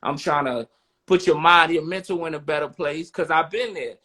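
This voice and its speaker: A man's voice: fairly high pitch, normal speed, sharp tone. A man co-hosting a podcast, talking bluntly in casual street slang and often asking "you know what I'm saying". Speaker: podcast co-host.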